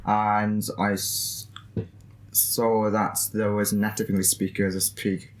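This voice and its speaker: Young man, Indonesian accent, student guest, eager, halting, restarts often. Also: lowish voice, monotone, reverberant. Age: young adult. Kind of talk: casual interview chat.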